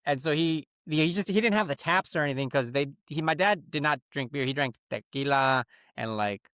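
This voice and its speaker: A man's voice: fairly high pitch, a little fast, clear, resonant tone, no room sound, studio quality. A Mexican-American man in his thirties, a podcast co-host telling stories in casual chat, swearing freely and acting out what others said. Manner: animated storyteller, acts out quotes, swears freely.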